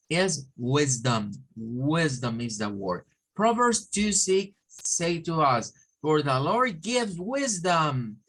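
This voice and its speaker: A man teaching an online English class, repeating words and sounds slowly for drilling. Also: fairly high pitch, fairly bright tone, husky, low-quality recording. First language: Spanish.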